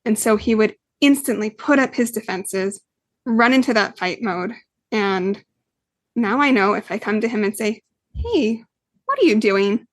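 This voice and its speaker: A woman's voice: mid-range voice, normal speed, no echo. A woman guest on a podcast interview who explains parenting earnestly, with frequent fillers. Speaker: guest expert, parenting coach.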